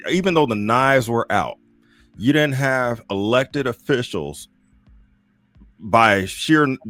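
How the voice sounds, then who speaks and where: A man co-hosting a podcast, talking in heated casual chat, animated and repeating himself for emphasis. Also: on the low side, dry recording. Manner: animated, repeats phrases, laughs often. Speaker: podcast co-host.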